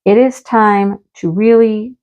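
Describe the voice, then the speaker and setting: A middle-aged woman in a casual home-office chat, telling stories in a chatty, animated way. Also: mid-range voice, slow pace, dull audio. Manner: chatty, storytelling, animated exclamations. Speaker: craft vlogger.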